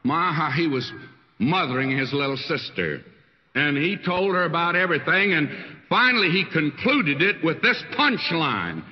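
An older man preaching a sermon as a pastor, telling stories in a folksy, animated way. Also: moderate pace. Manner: folksy storytelling preacher with wide swings in pitch. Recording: dull lo-fi archival sermon recording with long hall reverb.

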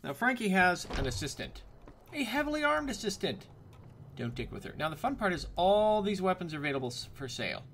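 Chatty gravelly-voiced man narrating gameplay. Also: high-pitched, big pitch swings, a little fast, a bit bright, a little hiss or hum. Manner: chatty, joking asides. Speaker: gameplay commentator. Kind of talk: casual let's-play commentary.

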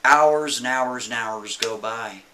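A man telling a story in a casual, chatty way, with animated asides. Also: mid-range voice, slow, slight background noise.

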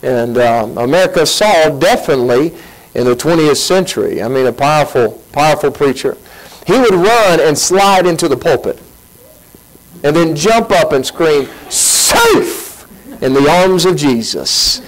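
Folksy preacher, a man in lively sermon. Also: on the high side, moderate pace, poor audio. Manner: folksy, animated preaching with acted-out quotes. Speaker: pastor. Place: church sanctuary.

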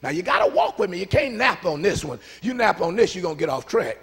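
A man preaching a lively sermon, talking with the congregation and swinging between shouted lines and hushed asides. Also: high-pitched, fast, husky, big-room sound. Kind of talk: call-and-response sermon. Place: church sanctuary.

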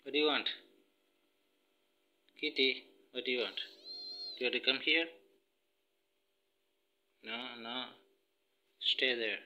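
Slow cooing man talking to his cat. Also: mid-range voice, dull audio, slight background noise. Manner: soft cooing baby talk. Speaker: pet vlogger.

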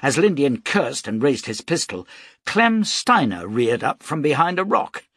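A man reading an action novel aloud as an audiobook narrator, steady and dramatic. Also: medium pitch, unhurried, husky, dry recording, studio quality. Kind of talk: scripted narration.

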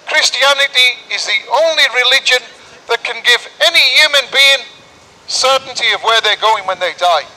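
Man preaching outdoors on a street; very high, sharp, bright voice; urgent, insistent sermon delivery. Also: poor audio. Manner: urgent preaching with repeated rhetorical questions. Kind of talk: open-air sermon.

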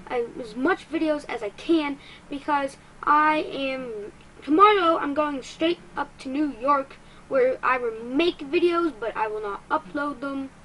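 A woman giving excitable let's-play commentary as a gaming YouTuber, quick to get frustrated and poking fun at herself. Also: sits high, a little hiss or hum, low-quality recording.

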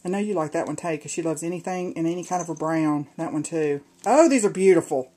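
A woman's voice: sits low, fast talker, mellow, husky, low-quality recording. A woman chatting through a casual unboxing vlog at home, gushing over craft supplies. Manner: gushing and chatty, addressing viewers as y'all. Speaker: crafter opening a swap box.

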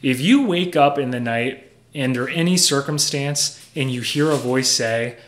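A man's voice: medium pitch, a little slow, a bit bright. Earnest, conversational young male preacher. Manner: conversational, earnest, explains with everyday examples. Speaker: pastor. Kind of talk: sermon.

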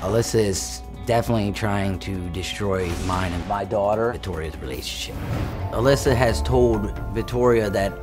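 Low-voiced man over music. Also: moderate pace. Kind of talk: recorded interview segment.

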